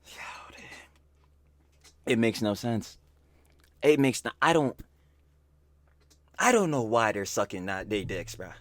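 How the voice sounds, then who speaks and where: A man hosting a reaction video, casual and profane, swinging from slangy chatter to loud outraged yelling. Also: mid-range voice, animated, dry recording. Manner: slangy, fast-talking intro to viewers.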